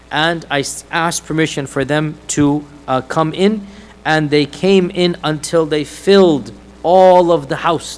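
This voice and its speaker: A male preacher giving an Islamic lecture, retelling a hadith in an animated storytelling way and acting out the quoted lines. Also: a little high, rough recording. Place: mosque hall.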